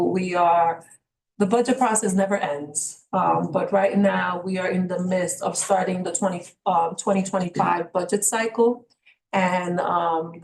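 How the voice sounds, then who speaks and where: Woman superintendent, low-pitched and hesitant at times, echoey room. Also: darkish tone, a little hiss or hum. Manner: speaks in an explanatory way with frequent ums and uhs. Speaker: school superintendent. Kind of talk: presentation at a public meeting. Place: school board meeting room.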